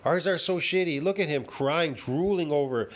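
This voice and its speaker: A fitness commentator with a fairly high voice reacts to a video in a heated, profane rant at normal speed. He repeats the same points over and over, swears in nearly every sentence, and sounds openly scornful.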